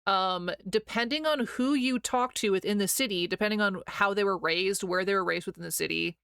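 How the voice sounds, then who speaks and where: Bright-voiced American woman chatting with her stream chat. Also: medium pitch, a little fast, gravelly, smooth, no room sound, clean studio sound. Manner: chatty, rambling, laughs often, reads chat aloud. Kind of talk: casual chat with viewers.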